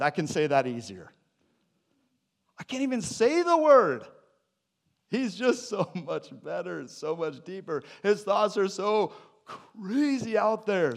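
A man preaching a sermon to his church, animated and jokey, with sudden loud bursts. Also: fairly high pitch. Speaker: pastor.

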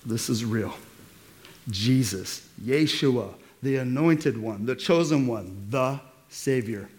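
A man's voice: mid-range voice, takes it slowly, darkish tone. Casual slangy male pastor preaching. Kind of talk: sermon. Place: church.

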